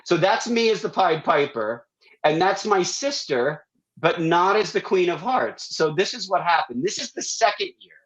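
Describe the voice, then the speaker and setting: A man, a guest on a talk show, telling a long family story in a casual, animated way and acting out the voices of the people in it. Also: high voice, normal speed, rough recording.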